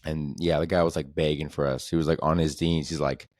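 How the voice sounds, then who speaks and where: Young male podcast host, low pitch, laid-back and profane, a "dude" every other line. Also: level tone, a little fast, a little mellow, dry recording, studio quality. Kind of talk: casual comedic storytelling.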